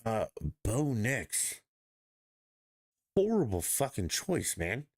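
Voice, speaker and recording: A man's voice: fairly low pitch, big pitch swings, slow pace. A man hosting a podcast, ranting bluntly and profanely in casual sports talk. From Denver area, United States. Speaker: podcast host.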